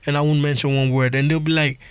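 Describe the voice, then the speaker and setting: A man's voice: on the high side, little pitch movement, quick pace, clean tone. A young man from Nigeria in casual chat, telling stories and acting out the voices of the people in them. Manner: storytelling, acts out quoted voices.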